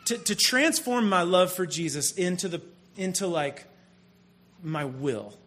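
A man's voice: high-pitched, animated, measured pace, fairly bright tone. A man in his thirties giving a conversational, self-deprecating sermon built on a family story. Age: 30s. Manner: conversational and self-deprecating, many restarts and asides. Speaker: pastor.

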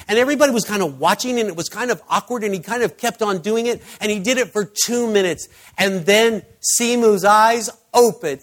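A man preaching a sermon, telling a story with halting restarts, then praying softly. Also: sits high. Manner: halting, restarting, emotional storytelling that turns soft in prayer. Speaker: pastor.

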